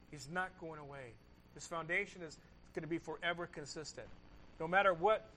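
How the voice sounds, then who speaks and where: A man preaching a sermon, swinging between loud emphasis and hushed asides, repeating key phrases and asking rhetorical questions. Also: on the high side, rough recording. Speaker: pastor.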